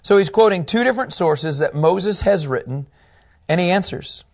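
Higher-pitched guy teaching bible to a class, lively, keeps asking the room questions. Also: normal speed, creaky. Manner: animated, asks the class questions.

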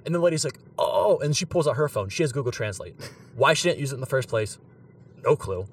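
A young man from Pittsburgh telling an animated story on a podcast, laughing and using many fillers. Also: mid-range voice, quick pace, a little hiss or hum. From Pittsburgh, USA. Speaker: podcast co-host. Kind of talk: casual storytelling. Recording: a bit far from the mic.

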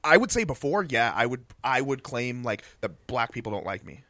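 A man's voice: medium pitch, big pitch swings, moderate pace, sharp tone, no echo. Rambling guy comedian, dry close sound. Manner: rambling, many "like" fillers, laughs easily. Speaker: stand-up comedian, guest. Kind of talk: casual podcast chat.

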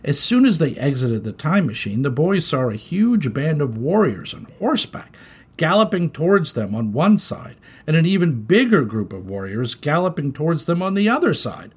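Animated, husky-voiced male storyteller. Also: on the high side, normal speed. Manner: expressive, animated. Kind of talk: storybook read-aloud.

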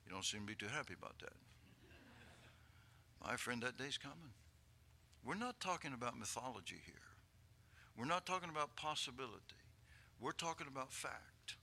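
An older man preaching a sermon, swelling to loud, fervent peaks and tossing chuckling asides to his congregation. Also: mid-range voice, lively intonation, moderate pace, gravelly, long pauses.

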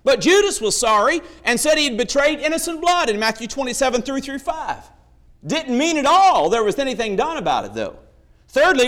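A man's voice: high-pitched, pushed and bright. A man preaching a sermon, emphatic, telling stories and acting out the voices in them.

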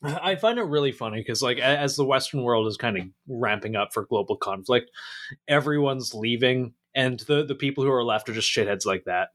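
A man's voice: mid-range voice, a little fast, fairly bright tone. A man hosting a podcast, talking casually in a blunt, crude, joking way.

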